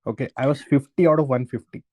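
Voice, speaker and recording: A man's voice: mid-range voice, steady tone, fast, dark tone, no echo. A young man with an Indian English accent, co-hosting a podcast in casual, teasing banter. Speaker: podcast co-host.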